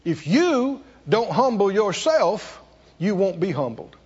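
A male preacher, preaching with rhetorical questions and sudden swings between soft and loud. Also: high voice, very animated, takes it slowly, breathy edge. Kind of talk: sermon. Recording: dull, echoey hall.

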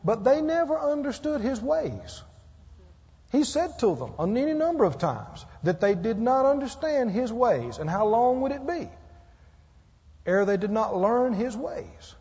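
A man's voice: extremely high pitch, dark tone. A man preaching a sermon, emphatic and calling out for amens from his listeners. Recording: muffled roomy hall.

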